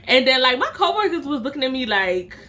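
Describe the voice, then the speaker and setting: A young woman, chatting straight to her viewers in a playful storytime. Her voice sits a little high and comes across bright and forceful. She talks loosely and keeps cracking herself up. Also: sing-song, a little fast. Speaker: storytime vlogger.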